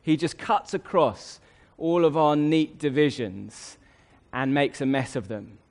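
A man delivers a sermon from a Bible passage. His voice sits a little high. He is emphatic and slows right down to stress the words that matter. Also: animated, a little mellow. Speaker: preacher.

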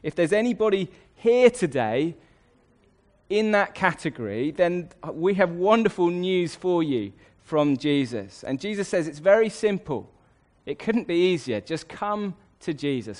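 Emphatic preacher. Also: male voice, sits high, very animated, darkish tone. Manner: emphatic, slows down to stress key words. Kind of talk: sermon.

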